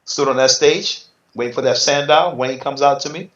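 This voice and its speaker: Brief: man, middle-aged, relaxed storyteller who voices other people's lines, roomy slightly dull recording. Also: mid-range voice, normal speed. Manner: animated, acts out quotes in other voices. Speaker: interview guest, retired bodybuilder. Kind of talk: casual storytelling.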